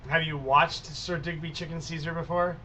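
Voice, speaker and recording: A man runs a tabletop game as storyteller, talking in an easygoing, halting way full of fillers. His voice sits high and sounds bright and forward. Faint noise hums under the recording. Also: fairly even intonation, poor audio. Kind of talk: tabletop role-play session, casual.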